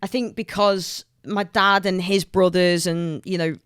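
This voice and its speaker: A woman's voice: on the low side, fairly even intonation, measured pace, a bit bright, smooth, no room sound, clean studio sound. A woman co-hosting a podcast who talks in a chatty, nostalgic way with lots of fillers. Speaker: podcast co-host. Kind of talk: casual chat.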